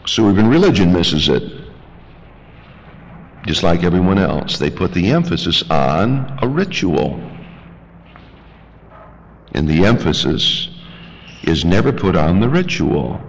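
A man preaching a sermon with emphatic delivery, climbing into high-pitched outbursts. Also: sing-song, measured pace, pauses often, slight background noise. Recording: long hall reverb.

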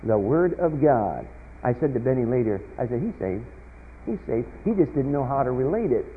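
A man's voice: mid-range voice, expressive, brisk, breathy edge. Man preaching on a tinny radio broadcast. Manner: storytelling with swings from loud emphatic peaks to quiet asides. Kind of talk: sermon. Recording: tinny lo-fi radio broadcast with long hall reverb.

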